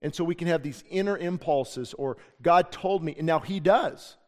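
A man's voice: a little high, normal speed, a little mellow. A middle-aged man preaching a sermon as pastor in a church, earnest and conversational, telling stories from his own life. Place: church sanctuary. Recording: long church hall reverb.

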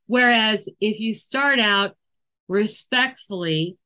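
A woman hosting a podcast about animal training talks slowly and carefully through her points. Her voice has a bright, clear edge, and she explains her ideas with examples, sometimes restarting a phrase. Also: medium pitch. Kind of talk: casual explanatory podcast talk.

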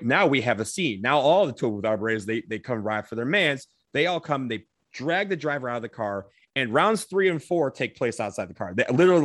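Animated man telling a wild story. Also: medium pitch, dry recording, clean studio sound. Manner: animated, swears casually, acts out quotes. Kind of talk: comedic personal anecdote.

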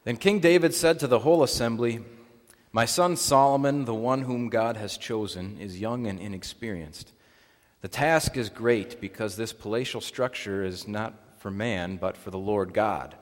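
A man serving as pastor, leading a baptism liturgy, prayers and a scripture reading in a solemn, measured way inside a church. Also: on the low side. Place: church sanctuary. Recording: long reverb of a church hall.

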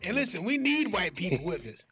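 A man's voice: sits high, big pitch swings, a little fast. A man playing a boastful Black superhero in a comedic radio bit, talking in brash streetwise slang over music.

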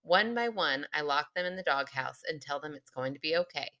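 A woman podcast co-host reading a listener's spooky story aloud in casual chat, laughing often and slowing for dramatic pauses. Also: low voice, animated, sharp tone.

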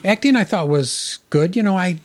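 A man co-hosting a podcast, chatting casually about a film in a relaxed, joking way. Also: high-pitched, normal speed. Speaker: podcast co-host. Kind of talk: casual chat.

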